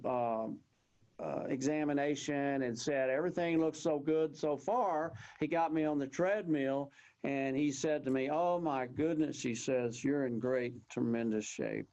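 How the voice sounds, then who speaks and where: A man's voice: medium pitch, dark tone, muffled recording. A man in his sixties from Texas with a Texan accent, a guest telling a rambling, folksy personal story and acting out what others said. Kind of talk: storytelling in an interview.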